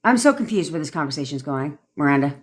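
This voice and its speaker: Woman, live-stream coach, blunt, rambling, swears freely, slightly low voice, phone mic. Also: big pitch swings, fast talker. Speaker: manifestation coach. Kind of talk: casual live-stream advice.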